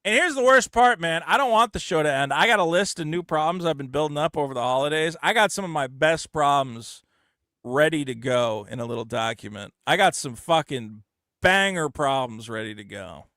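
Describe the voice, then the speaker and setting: A man's voice: on the high side, animated, a little fast, pushed and bright, no echo, studio quality. A man hosting a podcast in casual, blunt, profane chat, often mocking others in exaggerated voices. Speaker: podcast host.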